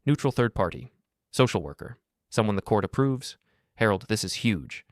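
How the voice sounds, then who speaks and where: A man reading a brisk, calm lawyer. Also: on the low side, no echo, studio quality. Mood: businesslike. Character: calm, capable male lawyer.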